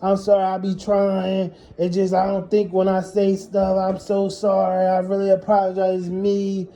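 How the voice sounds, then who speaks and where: A man's voice: high-pitched, completely flat delivery, measured pace, mellow, voice pushed up. A man quoting his pleading, apologetic mother. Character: apologetic middle-aged mother, scatterbrained.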